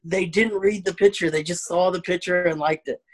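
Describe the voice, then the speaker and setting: Talking fairly quickly in a high voice, the Arkansas comedian with the Southern accent tells stories in casual conversation, animated throughout and playing out the people he quotes.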